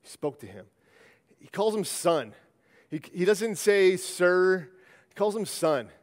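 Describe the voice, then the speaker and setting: A man's voice: sits high, sing-song, slow. A man preaching a sermon in a church sanctuary, in a conversational style that often restarts and repeats words. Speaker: pastor. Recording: long church-hall reverb.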